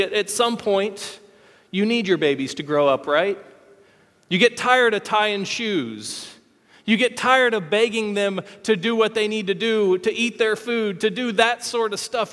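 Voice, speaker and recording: A man with a high voice preaches to a congregation, sounding open and conversational and poking fun at himself now and then. His voice carries a long reverb from a large church hall. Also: fairly bright tone. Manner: candid, conversational, self-deprecating humor. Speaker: pastor. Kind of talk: sermon.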